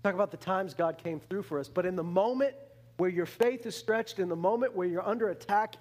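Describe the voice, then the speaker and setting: High pitched guy preaching a sermon, animated, keeps restarting lines. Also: fairly quick. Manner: animated, acts out the complaining Israelites in a higher voice; repeats words and restarts phrases.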